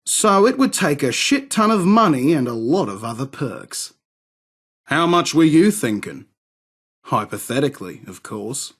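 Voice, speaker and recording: A swaggering, foul-mouthed arms dealer. He talks in a slow, unhurried drawl, his voice sitting a little high for a man. Every line is sardonic and dismissive. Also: very animated, fairly bright tone, slightly rough, full character voice. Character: cocky, crude male London arms dealer. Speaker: game character. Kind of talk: game voice acting.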